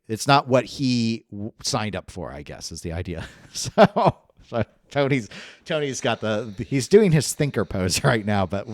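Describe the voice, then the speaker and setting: A man's voice: lowish voice, no room sound, clean studio sound. A man co-hosting a gaming podcast in casual chat, rambling and chatty. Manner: rambling, chatty, laughs often. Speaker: podcast co-host.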